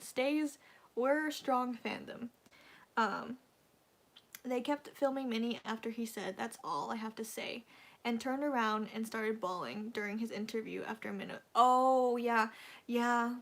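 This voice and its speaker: A woman's voice: on the high side, a little slow, a bit bright. A young woman chatting on a casual fan livestream, rambling and gushing with lots of fillers, emotional and close to tears.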